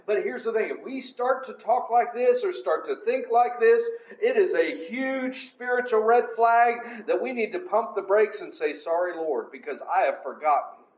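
An extremely high-pitched man preaches at a moderate pace in a chatty Bible-teaching style. He stresses his points hard and frequently asks "right?" or "amen?", recorded with a roomy echo.

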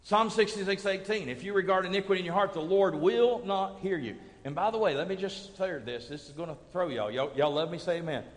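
A man pastor preaching a sermon, swinging from hushed, low lines to loud, booming peaks. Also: a little fast, hardly any pauses. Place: church sanctuary. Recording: long hall reverb from a sanctuary.

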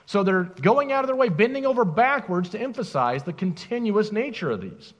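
Emphatic pastor, male, high and very animated voice, preaching in a church. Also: fairly quick, in a large hall, lo-fi sound. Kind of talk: sermon.

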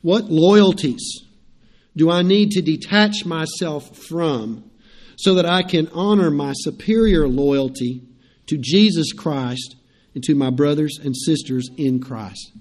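A man's voice: fairly high pitch, takes it slowly, darkish tone. A middle-aged man, preaching a sermon in a conversational way, repeating phrases and turning to the congregation with asides. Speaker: pastor.

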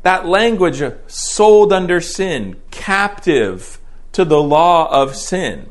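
A man's voice: on the high side, very animated, slow. A man preaching through a Bible passage, explaining it step by step and often checking in with a rhetorical "right?". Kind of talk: expository Bible teaching.

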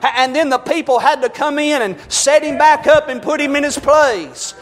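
A man preaching a fervent sermon, rising to shouts. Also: very high voice, normal speed, big-room sound.

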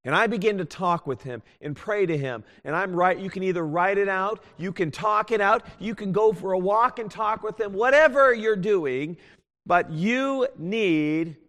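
A man preaching a sermon as a pastor, earnest and pleading, swinging from loud appeals to hushed tones. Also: high voice, moderate pace. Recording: long hall reverb.

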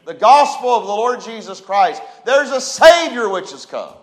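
Male pastor, high tenor voice, preaching with rising emphasis and call-and-response from the pulpit. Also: sing-song, normal speed, rough recording. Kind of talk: sermon. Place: church sanctuary.

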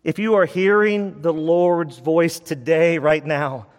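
A male pastor preaching to his church in an urgent, pleading way, hammering his points home through repetition. His voice sits a little high for a man. Long reverb from the sanctuary hangs after each phrase. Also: fairly even intonation, takes it slowly. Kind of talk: sermon.

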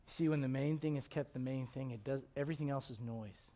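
A middle-aged man preaching a sermon to his congregation in a folksy, animated way, slipping into acted asides. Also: mid-range voice, brisk. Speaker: pastor.

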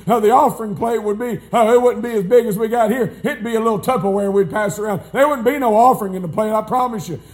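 A man preaches in a very high voice. His delivery is folksy and emphatic, and it builds up to shouting. This is a live church sermon recording. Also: fast talker, few pauses. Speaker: pastor.

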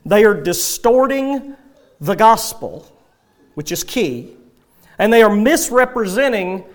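Slow, high-voiced male preacher. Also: big pitch swings. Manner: measured, emphatic preaching with scripture reading. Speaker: pastor. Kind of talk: expository sermon.

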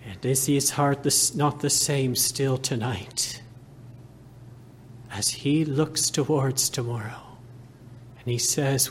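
A man preaching a sermon in a slow, earnest manner, building to fervent emphasis. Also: mid-range voice, slight background noise.

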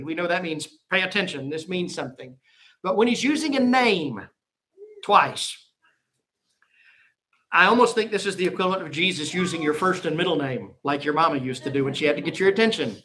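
Male pastor, sermon, high bright voice, dramatic swings in volume and pace. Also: lively intonation, moderate pace. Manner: preaching with emphatic swings in loudness and pace.

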